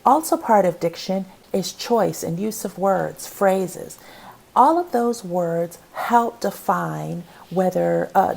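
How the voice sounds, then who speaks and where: A woman's voice: on the low side, creaky, darkish tone, a little hiss or hum. A woman, a college composition instructor, giving a recorded online lecture and quizzing her students with question after question. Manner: explanatory, asks the class many questions. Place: home, recorded for online class.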